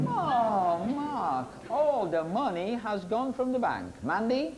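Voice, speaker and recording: A man hosting a TV quiz show teases and jokes with contestants in a TV studio with an audience, heard over music on a noisy 1990s TV broadcast. His voice sits high and is very animated, and he takes it slowly with few pauses.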